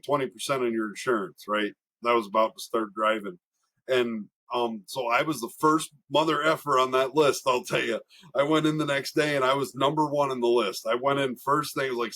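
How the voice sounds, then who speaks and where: Husky young man telling wild stories. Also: mid-range voice. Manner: animated, laughing storyteller who swears often. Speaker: racing driver guest. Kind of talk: casual storytelling.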